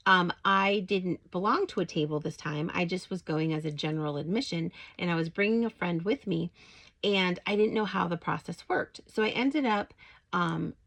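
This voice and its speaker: Her voice sits on the low side and sounds creaky, captured in a rough recording. A middle-aged Christian faith vlogger, she tells a personal story in a chatty, filler-heavy way, gets more excited retelling greetings, and shapes it into a devotional lesson.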